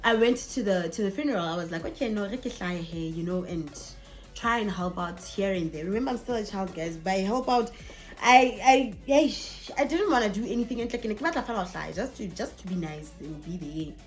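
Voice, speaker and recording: A young woman with a South African accent telling a personal story in a chatty, animated vlog, slipping in Sesotho phrases. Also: medium pitch, brisk. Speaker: vlogger. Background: faint background music.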